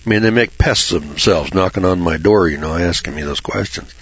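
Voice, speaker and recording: A man's voice: low voice, a little fast, fairly bright tone, husky, dry recording. A man giving informal Bible commentary in a blunt, folksy way, swearing freely and mocking churchgoers with sarcastic asides. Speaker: Bible teacher. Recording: dull lo-fi recording.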